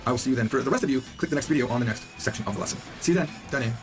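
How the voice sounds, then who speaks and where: A man's voice: medium pitch, rapid-fire, music in the background. A man teaching a beginner language lesson in an upbeat, chatty way, repeating each new word for the listener to drill.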